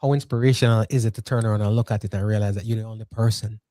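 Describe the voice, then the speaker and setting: A man hosting a podcast interview, speaking in an animated, conversational way with playful asides. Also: on the low side, very fast, no echo, clean studio sound. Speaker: podcast host.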